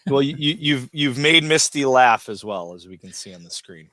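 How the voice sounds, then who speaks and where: Man hosting with lively intonation. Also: mid-range voice, moderate pace. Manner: relaxed, reads viewer comments. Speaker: host. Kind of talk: live-stream interview chat.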